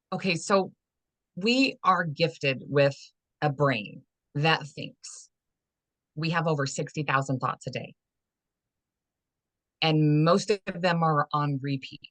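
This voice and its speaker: A woman with a notably low voice shares her own experience as a coaching guest. She is frank and earnest, often restarting mid-phrase. The sound is dry and close. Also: takes it slowly, fairly bright tone, no echo. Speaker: holistic fitness and life coach guest. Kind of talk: candid personal storytelling.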